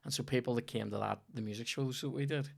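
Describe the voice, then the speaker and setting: A man's voice: mid-range voice, fairly even intonation, fast, vocal fry. A young man, a comedian chatting casually on a podcast and telling rambling, sweary stories.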